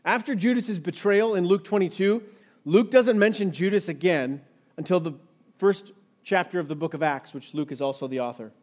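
A man's voice: high voice, moderate pace, darkish tone. A man preaching an expository sermon, reading scripture aloud and acting out the quoted lines with rising intensity. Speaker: pastor.

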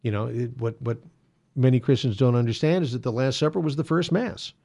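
Hosting a Catholic apologetics talk, this medium-pitched man has a gravelly, warm voice and a fairly quick pace. His explanation of doctrine is a relaxed monologue, peppered with fillers and frequent restarts.

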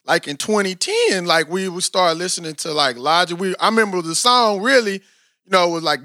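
A man's voice: sits high, fast, dry recording, studio quality. A man, chatting casually and animatedly in a rambling, slangy way as a podcast co-host. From Texas, USA. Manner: animated, rambling, slangy, frequent "you know what I'm saying". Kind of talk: casual chat.

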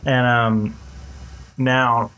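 A man in his thirties or forties co-hosting a casual podcast with his wife, a relaxed storyteller who acts out what he said. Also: medium pitch, extremely slow, slight background noise. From Colorado, USA. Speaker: podcast co-host. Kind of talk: casual chat.

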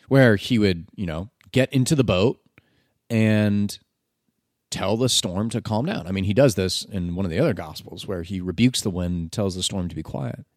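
A man's voice: medium pitch, dry recording, studio quality. A man reading scripture and then preaching about it in an earnest, conversational way, with filler words.

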